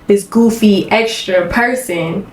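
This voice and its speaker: A woman's voice: mid-range voice, slow pace. A young woman co-hosts a casual podcast, thinking aloud and dropping "like" into almost every phrase. The room echoes around her, with faint noise underneath. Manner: reflective, fillers "like" in nearly every line. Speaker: podcast co-host. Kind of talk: casual chat.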